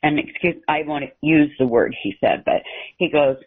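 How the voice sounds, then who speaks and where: Woman phone-in caller; hesitant and emotional, low pitch, thin telephone sound. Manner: halting, tearful, hesitant. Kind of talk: call-in conversation. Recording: tinny phone line.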